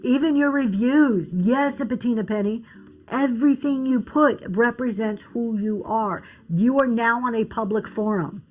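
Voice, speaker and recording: On a livestream, a woman with a fairly high voice gives casual business advice at a measured pace. She's chatty, reading comments from the chat and answering them, and she restarts her sentences often.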